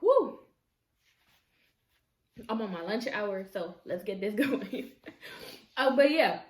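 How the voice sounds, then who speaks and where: A woman telling a story casually while eating on camera at home, chatty and expressive, with slangy asides to her viewers. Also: medium pitch, unhurried. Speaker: mukbang vlogger. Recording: echoey room.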